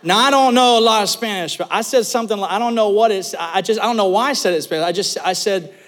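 A man preaching a sermon as pastor, telling a joking story with lively asides. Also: sits high, fast talker. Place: church sanctuary. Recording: long hall reverb.

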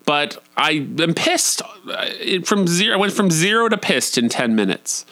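A man telling a comic, confessional story about his own family life, switching into high voices when he quotes himself. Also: sing-song, unhurried, fairly bright tone, no echo. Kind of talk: personal storytelling monologue.

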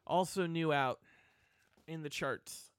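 A man hosting a rock radio show, talking fast and teasing his co-host. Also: a little high, smooth, no echo, clean studio sound. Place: radio studio.

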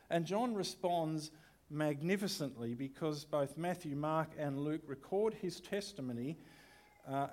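A man's voice: fairly high pitch, darkish tone. A man, a pastor giving a sermon in a conversational way with rhetorical questions.

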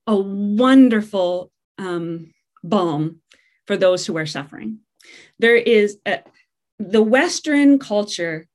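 A middle-aged woman preacher giving a sermon in a chatty, humorous way, with fillers and asides. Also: medium pitch.

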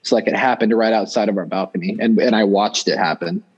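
A man's voice: lowish voice, fairly even intonation, quick pace, slightly rough, lo-fi sound. A young man telling a personal story in casual talk, rambling with many fillers and restarts. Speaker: guest storyteller.

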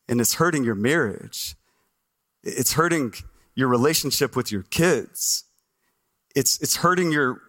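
A man pastor preaching a sermon to a congregation, animated and asking the crowd questions, recorded on a stage microphone in a church. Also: medium pitch. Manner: animated, asks the congregation questions, acts out listeners' voices.

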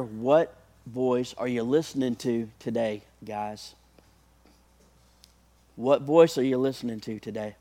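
A man's voice: medium pitch, a little mellow. A male preacher delivering a sermon, talking conversationally to the congregation and building to impassioned peaks.

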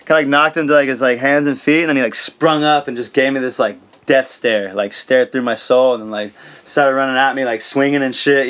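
A man tells stories as a podcast guest in a loose, profane, laid-back way. He leans on fillers and laughs often as he goes. He sounds relaxed and chatty. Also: mid-range voice. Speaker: guest, pro skateboarder. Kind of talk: casual storytelling.

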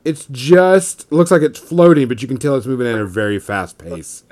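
A man's voice: mid-range voice, sing-song, moderate pace, darkish tone. A man narrating a casual tabletop game. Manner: loose, casual narration with many fillers. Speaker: game master.

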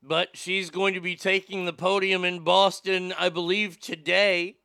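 Sarcastic high-voiced man. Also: level tone, unhurried, creaky, pushed and bright, clear, resonant tone, no echo. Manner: sarcastic, profane, mocking. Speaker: show host. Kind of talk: crude political commentary.

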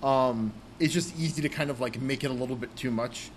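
A man's voice: medium pitch, a little fast, a little hiss or hum. A young man co-hosting a casual podcast about role-playing games, rambling with many fillers. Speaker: podcast co-host.

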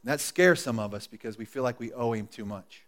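A man preaching a sermon to his congregation, dropping to a hush and then rising to loud, emphatic appeals. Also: mid-range voice, lively intonation, fairly quick. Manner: swings from hushed and intimate to loud and emphatic, coaxing the congregation. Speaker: pastor. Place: church service before a congregation. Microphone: live sermon recording.

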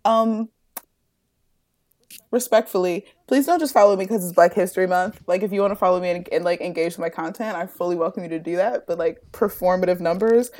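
A woman's voice: lowish voice, fairly quick, darkish tone. A woman chatting casually as a podcast guest, playful and self-deprecating, often laughing. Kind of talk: casual interview chat.

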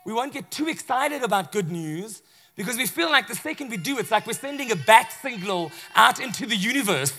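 A male pastor delivers a sermon with a high, bright voice. He talks to the congregation conversationally and animatedly, often acting out the people in his story. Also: brisk, soft background music. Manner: conversational and animated, with acted asides.

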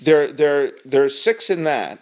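A man co-hosting a podcast, chatting casually with a teasing, rambling manner and lots of halting restarts. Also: a little high, expressive, darkish tone. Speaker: podcast co-host. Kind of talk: casual chat.

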